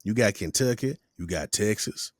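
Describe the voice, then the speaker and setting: This is a relaxed male podcast host from Florida with a somewhat low voice. He is recorded dry and close, with no room sound. He sets up his questions patiently, painting the scenario first. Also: normal speed, dry recording. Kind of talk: casual podcast conversation.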